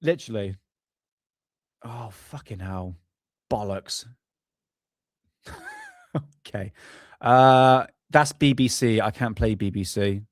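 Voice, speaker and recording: A man's voice: lowish voice, takes it slowly, long pauses, no room sound, clean studio sound. Rambling man live-streaming. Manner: rambling, swears while fumbling with videos. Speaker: UFO channel host. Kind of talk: casual live stream chat.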